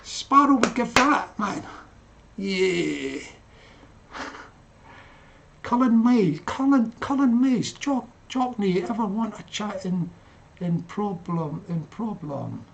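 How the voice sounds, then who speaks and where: A man's voice: extremely high pitch, animated, slow pace, vocal fry, pauses often, fairly bright tone. An older man hosting a casual livestream, laughing often and calling himself by name in the third person. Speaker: livestream host.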